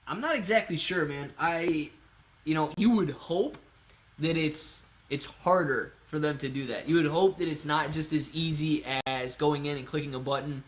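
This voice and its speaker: A man hosting a live stream, chatting casually and excitably with his viewers and thinking out loud. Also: on the high side. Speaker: livestream host answering chat.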